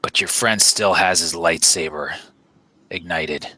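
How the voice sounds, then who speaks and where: A man voicing a masked, robed male dark-side master with a deep, hushed and ominous voice, speaking slowly and coldly. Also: no echo, full character voice, low-quality recording. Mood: menacing. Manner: slow, ominous, coldly calm.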